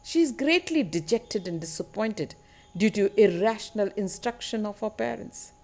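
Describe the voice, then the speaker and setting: A woman teacher giving a literature lesson on a poem, explaining slowly and deliberately, repeating key words and asking rhetorical tag questions. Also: medium pitch, expressive, a little mellow.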